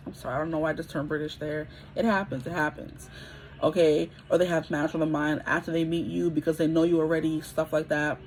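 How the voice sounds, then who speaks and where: A woman's voice: low voice, fairly even intonation, fairly quick, slight background noise, rough recording. A woman in her twenties giving a casual pick-a-card tarot reading, chatty and rambling, often checking in with her listeners. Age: 20s.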